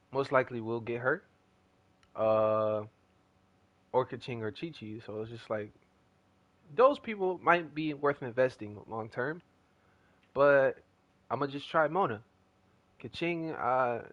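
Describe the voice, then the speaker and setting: A man's voice: mid-range voice, a bit bright, no echo. A young man chatting casually as a gaming streamer, telling a rambling story in slangy talk.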